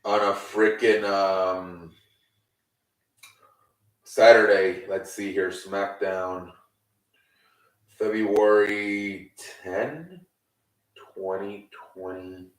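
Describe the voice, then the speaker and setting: A low-voiced man talks off the cuff and rambles, swearing and sighing as his frustration builds. He sits back from the mic in a room with a lot of echo. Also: flat delivery, very slow, pauses often, far from the mic. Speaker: host. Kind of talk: casual improvised recap.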